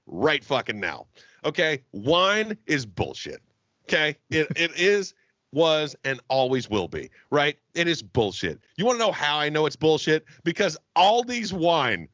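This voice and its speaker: A man's voice: on the high side, fairly bright tone, no echo, dull audio. A man from Jacksonville co-hosting a casual podcast, ranting emphatically and swearing a lot. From Jacksonville, Florida. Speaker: podcast co-host. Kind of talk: casual profane podcast banter.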